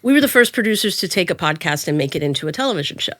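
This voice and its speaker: Animated woman storyteller on a dry mic. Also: rapid-fire, no room sound. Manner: animated, acts out quotes in a higher voice. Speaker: guest. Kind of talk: storytelling in an interview.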